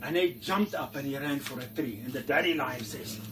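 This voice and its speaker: A man who works as a tour guide telling a comic story, animated, dropping to hushed tones for suspense. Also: mid-range voice, normal speed, hardly any pauses, background noise.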